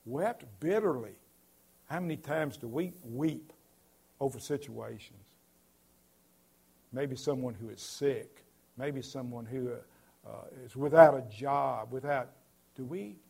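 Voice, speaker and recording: A male pastor preaching a sermon in an earnest, emphatic way, his voice swelling loudly at points. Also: mid-range voice, takes it slowly, creaky, long pauses, breathy edge.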